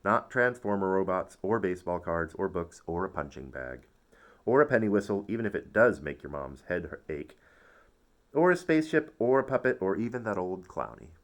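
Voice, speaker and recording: A man voicing a stubborn young boy in a read-aloud children's story, matter-of-fact and flatly refusing. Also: sits low, moderate pace.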